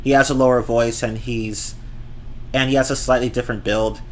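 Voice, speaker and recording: A man's voice: medium pitch, fairly even intonation, normal speed, a little mellow. A man giving a ranting movie review, exasperated and profane, often repeating and restarting his words.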